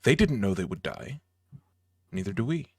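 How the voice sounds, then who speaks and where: A man's voice: medium pitch, big pitch swings, moderate pace, gravelly, darkish tone, slightly rough, no echo, clean studio sound, voice pushed up, heavily acted. A man voicing a nervous male dwarf librarian who stammers and rambles anxiously.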